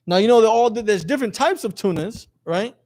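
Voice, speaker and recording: A man's voice: high voice, expressive, brisk, a little mellow. A man teaching a lesson to a class, quizzing his students in a jokey way and reading passages aloud. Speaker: religious teacher.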